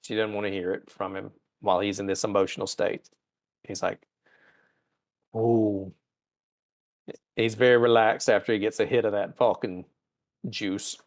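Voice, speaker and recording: A man's voice: fairly low pitch, flat delivery, a little fast. A man hosting a podcast, recapping TV episodes in a casual, irreverent and profane way and acting out the characters' lines. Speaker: podcast host.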